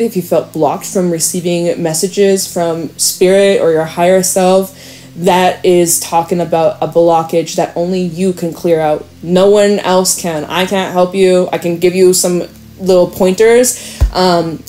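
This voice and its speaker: A tarot reader speaks to camera in a casual, chatty manner, reading cards, laughing often, and reassuring her viewers. Her voice is fairly low, with a warm tone.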